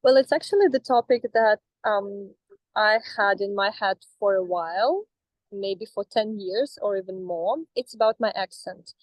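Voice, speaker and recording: A woman's voice: medium pitch, normal speed, no echo, low-quality recording. A woman in her thirties from Russia, speaking English with a Russian accent, hesitant with many restarts, in a coaching session. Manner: hesitant, with frequent restarts and fillers. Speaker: coaching client.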